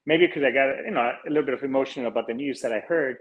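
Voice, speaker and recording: Talking fast at a medium pitch, this forty-something Colombian-born host keeps his podcast chat earnest and rambling. Fillers, restarts and the odd casual swear word come often. The recording sounds muffled.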